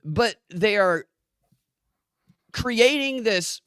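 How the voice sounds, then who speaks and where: A man's voice: high-pitched, animated, extremely slow, a bit bright, clean tone, no echo, clean studio sound. A man hosting a podcast, giving sarcastic political commentary and often stammering and restarting his sentences. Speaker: podcast host.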